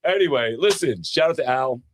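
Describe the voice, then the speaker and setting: A man's voice: mid-range voice, lively intonation, a little fast, slight background noise. A middle-aged man hosting a podcast in casual chat, laid-back and calling people "bro" and "man". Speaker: podcast host.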